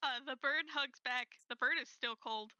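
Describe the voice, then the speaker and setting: Woman game master, high, very bright voice, gentle unhurried narration, dry close mic. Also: smooth, no room sound, low-quality recording.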